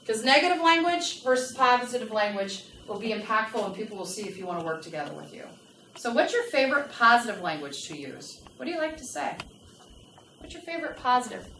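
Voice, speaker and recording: A woman giving a lively customer service training talk to a live audience and asking them questions. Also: a little high, a little fast. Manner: animated, asks the audience questions. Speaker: workplace trainer. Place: large room with a live audience. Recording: echoey room, from a distance, faint noise.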